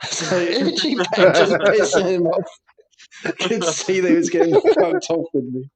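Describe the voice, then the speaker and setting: A man's voice: sits high, big pitch swings, unhurried, over a noisy crowd. A man co-hosting a podcast, telling crude stories in casual banter and laughing often. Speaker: podcast co-host.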